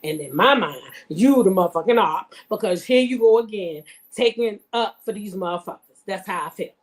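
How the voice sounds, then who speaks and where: A woman's voice: medium pitch, moderate pace. A woman vlogger telling stories and commenting in a blunt, profane, emphatic way while talking straight to her viewers. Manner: addresses viewers directly. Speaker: vlogger reacting to reality TV. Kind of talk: casual storytelling commentary.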